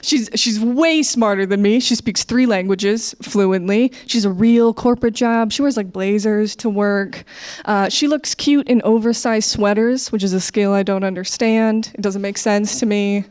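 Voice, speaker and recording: A woman's voice: mid-range voice, measured pace, darkish tone, clean tone. Chatty American woman doing stand-up. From United States. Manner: chatty, self-deprecating, laughs often. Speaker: stand-up comedian. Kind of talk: online stand-up set. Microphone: webcam, leaning in and out.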